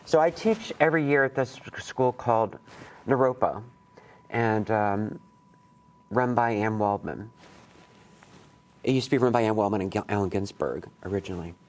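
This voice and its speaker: A man's voice: lowish voice, normal speed, long pauses. A man leading a college poetry workshop, talking casually and candidly to students, with rambling asides and casual swearing. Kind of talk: casual, digressive workshop talk. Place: college classroom.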